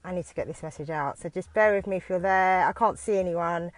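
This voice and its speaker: A British woman who teaches dance talks into her phone from inside a parked car on a live video, nervous and halting, with frequent restarts. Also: lowish voice, dry recording. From United Kingdom.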